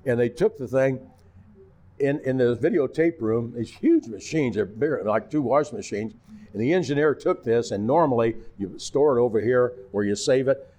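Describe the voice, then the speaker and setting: An older man spins stories from his years as a TV announcer. He speaks at an ordinary pitch for a man and throws himself into the voices of the people in each anecdote. It is a relaxed, chatty interview. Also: moderate pace. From Missouri. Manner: animated anecdotes, acting out voices. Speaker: retired TV announcer. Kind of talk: storytelling in a casual interview.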